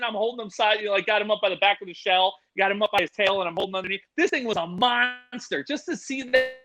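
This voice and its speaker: A middle-aged man, telling animated stories on a podcast, swearing freely and acting out the other people's voices. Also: high-pitched, quick pace, few pauses, soft background music, poor audio. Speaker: podcast guest, animal educator. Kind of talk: casual storytelling.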